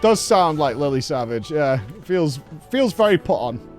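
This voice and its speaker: Swearing Northern English streamer, lively pitch. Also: male voice, normal speed, soft background music. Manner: swears freely, rambling banter. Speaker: streamer reacting to a game. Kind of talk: casual live-stream commentary.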